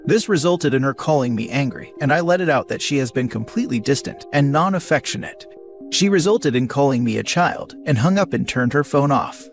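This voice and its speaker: Man narrating a story, steady and even. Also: medium pitch, a little fast, faint music behind. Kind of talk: reading an online post aloud.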